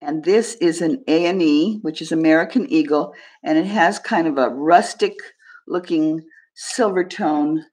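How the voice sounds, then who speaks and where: A woman's voice: low voice, darkish tone. Chatty woman hosting a live sale. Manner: chatty, describes items slowly, friendly asides to viewers. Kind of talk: casual live-stream selling.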